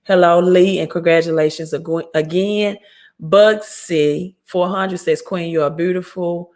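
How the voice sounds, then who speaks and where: A Mississippi woman with a Southern accent hosts a credit repair livestream, reading viewer comments and answering them bluntly, even scoldingly, speaking straight to her audience. Her voice is low and darkish, with a steady tone and measured pace.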